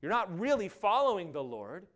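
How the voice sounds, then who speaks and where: A man preaching a sermon as pastor, animated and acting out quotes along the way. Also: high voice, moderate pace. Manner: animated, acts out quotes and asides.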